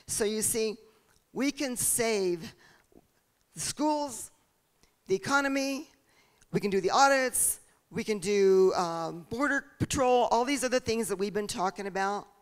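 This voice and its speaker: A woman giving an earnest, preacherly campaign speech at a town hall, asking the crowd rhetorical questions. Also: medium pitch. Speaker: political candidate.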